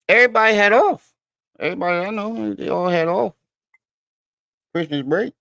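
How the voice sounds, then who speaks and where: A man's voice: high voice, moderate pace, creaky, long pauses, pushed and bright, dry recording. A man hosting a casual livestream from his living room, chatting with viewers, cursing freely and laughing at himself. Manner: profane, laid-back, laughs at himself while reading comments. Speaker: livestream host.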